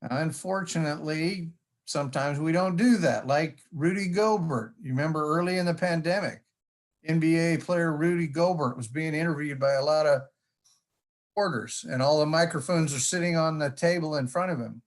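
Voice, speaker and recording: A man's voice: a little high, moderate pace. A man giving a conference presentation in a folksy storytelling manner, with jokes along the way. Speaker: conference speaker. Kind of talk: presentation talk.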